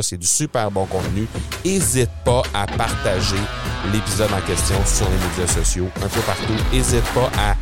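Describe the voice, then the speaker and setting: A podcast host with a Quebec French accent speaks in a fairly low voice, upbeat and eager, laughing easily with his guest. The sound is dry and close, with no room around it. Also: no echo. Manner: enthusiastic, quick, with friendly laughs. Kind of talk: casual interview chat.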